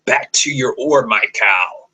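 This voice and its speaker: A man putting on a gruff Irish pirate overseer. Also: medium pitch, takes it slowly, pushed and bright, heavily acted, low-quality recording. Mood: commanding. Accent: put-on Irish. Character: brutal old white-haired male ship overseer, an Irish pirate.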